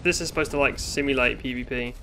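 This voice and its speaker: A man's voice: mid-range voice, fast, noisy background. British man swearing through game commentary. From Britain. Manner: swearing, exasperated running commentary with sudden outbursts. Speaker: gaming YouTuber. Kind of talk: let's play commentary.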